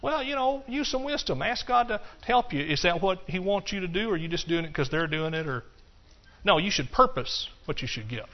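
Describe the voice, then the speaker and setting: A pastor preaching a sermon to his congregation in a folksy, animated way, swinging between loud bursts and hushed asides. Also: sits high, a little fast, lo-fi sound. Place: church.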